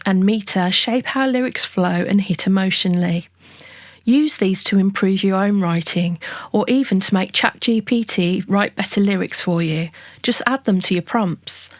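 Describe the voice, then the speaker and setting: A woman giving a scripted songwriting lesson, explaining each term in a clear, measured, list-like way. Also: mid-range voice, no room sound, clean studio sound. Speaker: songwriting tutorial narrator. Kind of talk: scripted educational narration.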